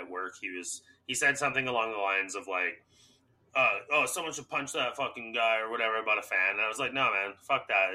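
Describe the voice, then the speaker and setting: A man's voice: on the low side, sharp tone. A hungover man co-hosting a podcast, laughing and swearing as he tells rowdy stories in casual chat. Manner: laughing, swearing, boisterous storyteller. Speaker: podcast co-host.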